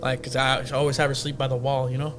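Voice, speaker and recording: A man's voice: mid-range voice, flat delivery, quick pace, music in the background. A man casually telling a ghost story on a podcast, profane and slangy, acting out the other people's lines. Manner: profane, slangy, acts out quotes in voices.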